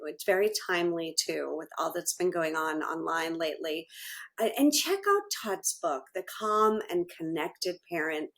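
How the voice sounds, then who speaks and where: A woman's voice: on the low side, fairly bright tone. A woman hosting a podcast interview, giving brief affirming replies and a friendly closing. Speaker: podcast host.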